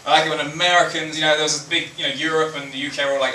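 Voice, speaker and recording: A man performs a rambling, self-mocking stand-up set with a bright, forceful edge to his voice. His voice is fairly high. He is recorded from a distance in an echoey comedy club. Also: flat delivery, racing, few pauses, slight background noise. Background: audience laughter.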